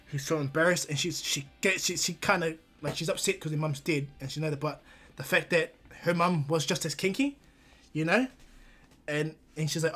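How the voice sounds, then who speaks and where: A man's voice: fairly high pitch, normal speed, pushed and bright, faint music behind. A man casually narrating a fan-made anime story, rambling with restarts and fillers.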